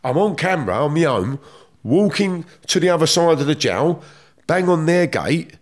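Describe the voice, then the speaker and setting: A man's voice: a little high, big pitch swings, moderate pace. A middle-aged man with a London accent, telling stories from his past in blunt, streetwise slang, swearing freely. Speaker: guest. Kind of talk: casual storytelling.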